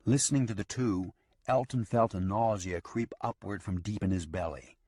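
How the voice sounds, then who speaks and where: A man reading a western audiobook in a steady storytelling manner. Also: on the low side, normal speed, no echo, clean studio sound. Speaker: audiobook narrator. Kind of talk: scripted western narration.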